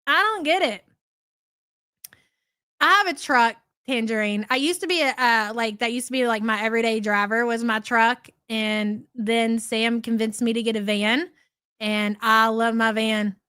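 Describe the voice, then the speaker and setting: High-voiced chatty middle-aged woman. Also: fairly even intonation, moderate pace, sharp tone, clean tone, no echo, clean studio sound. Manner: chatty, profane, rambling. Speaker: live stream host. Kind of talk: casual live-stream commentary.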